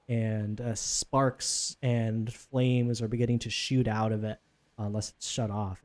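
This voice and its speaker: A man's voice: mid-range voice, a little mellow. A man running a tabletop game as game master, narrating in a casual, rambling way.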